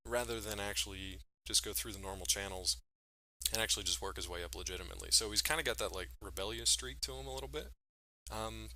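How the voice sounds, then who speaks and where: A man's voice: fairly low pitch, fast, bright, forceful tone, poor audio. A man co-hosting a podcast, chatting loosely and joking about a film he watched. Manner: joking, loose, lots of fillers. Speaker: podcast co-host. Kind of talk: casual chat reviewing a film.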